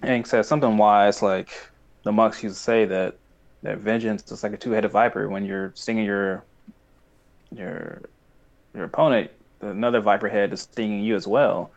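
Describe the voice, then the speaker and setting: A man's voice: lowish voice, steady tone, moderate pace, vocal fry, highs cut off. A young man chatting casually as a podcast co-host, rambling and acting out quoted lines. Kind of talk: casual chat recapping a cartoon.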